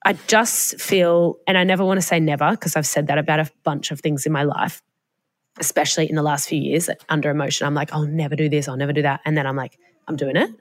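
A woman's voice: deep voice, steady tone, fast. A young Australian woman co-hosting a podcast, telling a personal story in a casual, chatty way and swearing freely. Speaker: podcast co-host. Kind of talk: casual chat. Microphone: podcast mic, remote call.

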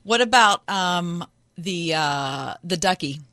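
A woman co-hosting a radio talk show, chatting and reminiscing with little pauses. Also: on the low side, lively intonation, a bit bright, dry recording. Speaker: radio co-host. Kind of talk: casual chat.

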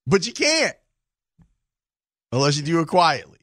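A man's voice: fairly high pitch, sing-song, measured pace, a bit bright, dry recording, studio quality. A man hosting a sports radio show, telling stories in a jokey, self-mocking way. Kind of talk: casual sports radio chat. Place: radio studio.

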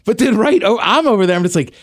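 A man's voice: high voice, lively intonation, fast. A man co-hosting a podcast, chatting casually in a rueful, easily laughing way. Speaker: podcast co-host. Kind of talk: casual chat.

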